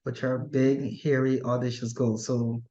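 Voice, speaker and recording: A man hosting a business interview, affirming his guest and pausing often on "uh" as he builds his questions. His voice sits at a middle pitch. The sound is roomy and a little dull, as if picked up from the room. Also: flat delivery, dark tone. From Guyana. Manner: affirming and deliberate, with many "uh" pauses. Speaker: interview host, business coach.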